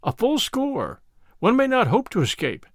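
A man's voice: very high voice, huge pitch swings, unhurried, gravelly, dry recording, studio quality, pitched above the performer's own voice, exaggerated voice. A man voicing a fearful young page boy who talks in old-fashioned, pleading speech. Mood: earnest.

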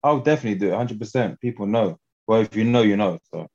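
A man's voice: fairly low pitch, quick pace, darkish tone, muffled recording. A young English man talking as a guest fighter in a casual interview, laid-back and slangy, often laughing.

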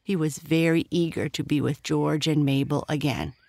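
A narrator reading a bedtime children's story in a gentle, even storytelling voice. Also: medium pitch, normal speed, vocal fry.

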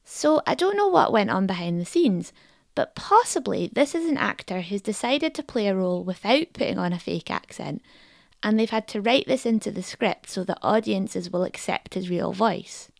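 A woman's voice: mid-range voice, expressive, normal speed, vocal fry, no room sound, clean studio sound. A woman hosting a podcast, giving scripted, explanatory narration. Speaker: podcast host.

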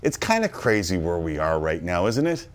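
A man's voice: deep voice, sing-song, moderate pace. A man from Canada hosting a sports talk show, playful and theatrical as he introduces his guests.

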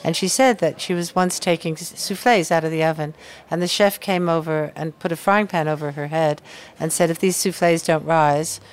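A woman's voice: sits low, fairly even intonation, moderate pace. A woman hosting an interview, drawing out her guest's stories and responding with frequent murmured agreement. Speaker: podcast host. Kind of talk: conversational interview.

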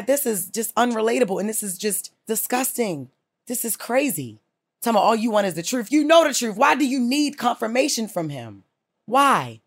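Brief: woman podcast host, fired-up and profane, scolding delivery, speech, mid-pitched. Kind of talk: blunt advice rant.

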